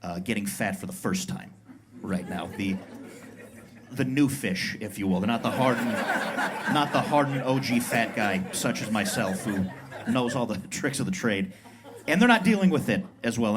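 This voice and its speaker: A man's voice: on the low side, lively intonation, fairly quick, a little hiss or hum. A man in his thirties from Colorado performing a self-mocking stand-up set in a comedy club, acting out brash tough-guy voices. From Pueblo, Colorado. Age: 30s.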